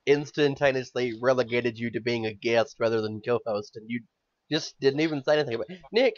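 A man's voice: medium pitch, a little fast, no room sound, dull audio. A man hosting a podcast in casual chat, rambling and swearing, often stammering as he builds up steam. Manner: rambling, profane, stammers when worked up. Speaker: podcast host.

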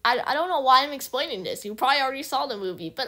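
Excitable woman gushing over a movie. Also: high voice, fast talker. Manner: excited, rambling, with many restarts. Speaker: vlogger. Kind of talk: casual movie recap vlog.

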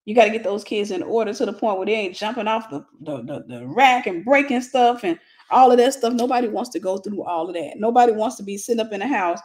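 A woman's voice: mid-range voice, animated, quick pace, darkish tone. A woman teaches about marriage in a loose, conversational way. She is blunt and joking, with plenty of everyday slang. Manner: blunt, humorous, colloquial. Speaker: Christian relationship teacher. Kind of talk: casual teaching talk.

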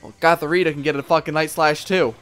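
A man giving casual gameplay commentary, excitable and profane, talking back at the characters on screen. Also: on the high side, fast, smooth, soft background music. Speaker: let's play gamer.

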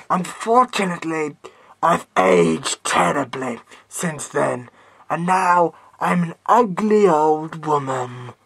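Woman playing a faded old beauty queen, vain and self-pitying, very slow delivery. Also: low-pitched, fairly bright tone, slight background noise, pitched below the performer's own voice, full character voice.

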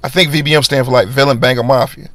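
A man's voice: medium pitch, steady tone, quick pace, fairly bright tone, no echo. A young man telling a casual storytime monologue in street slang, acting out other men's lines in a raised voice. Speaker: vlogger.

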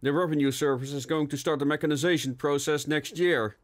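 A man's voice: on the high side, fairly even intonation, fairly quick, voice pushed up, lightly acted. A man voicing a cynical, joking junior police colleague in a steampunk audiobook. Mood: wry. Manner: jesting, pedantic.

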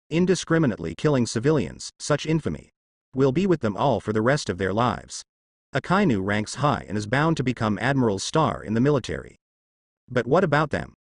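A man narrating fan fiction as an audiobook in a steady storytelling manner. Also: mid-range voice, no room sound, studio quality.

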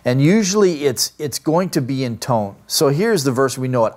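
A man's voice: mid-range voice, expressive, moderate pace, hardly any pauses, a little mellow. A man giving a classroom lecture on grammar, explaining step by step and often checking with "right?". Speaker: Greek grammar teacher.

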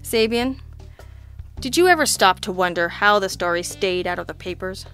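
A woman voicing a dry-witted male private detective who tosses off deadpan quips. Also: mid-range voice, normal speed, clean tone, faint music behind, close to an everyday voice. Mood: wry. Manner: wry and deadpan, with offhand quips. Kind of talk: audiobook character reading.

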